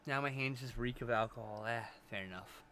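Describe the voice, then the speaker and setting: A man's voice: mid-range voice, a little fast, bright, forceful tone, a little hiss or hum. A man streaming live, chatting casually and joking while relaying messages from chat.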